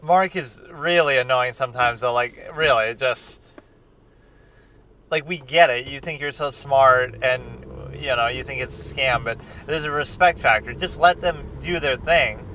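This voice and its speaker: A man's voice: medium pitch, a little slow, sharp tone. A man in a casual reaction chat as a film critic, rambling and conversational, with lots of fillers and restarts. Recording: distant mic with street traffic noise.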